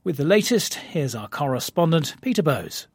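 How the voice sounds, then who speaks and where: A man's voice: a little high, very animated, darkish tone, husky, dry recording. Man reading the news, dry studio. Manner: measured, formal delivery. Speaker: news presenter.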